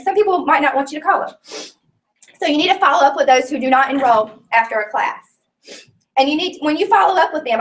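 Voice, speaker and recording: A woman's voice: sits high, far from the mic. A woman teaching a small class in a casual, chatty way, earnest and full of fillers, sometimes close to tears. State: tearful at times. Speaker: business trainer teaching a class. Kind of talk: casual live class talk. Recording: voice picked up from across a room.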